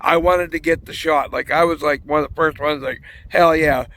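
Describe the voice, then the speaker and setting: A man's voice: fairly high pitch, steady tone, brisk, sharp tone, a little hiss or hum. A man telling a rambling, profane story in a casual vlog while fishing outdoors by a pond. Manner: rambling, profane, self-correcting. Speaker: vlogger.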